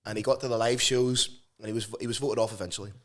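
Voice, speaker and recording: A man's voice: mid-range voice, steady tone, quick pace, slight background noise. A young man co-hosting a casual podcast, rambling with restarts and the odd swear. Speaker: podcast co-host.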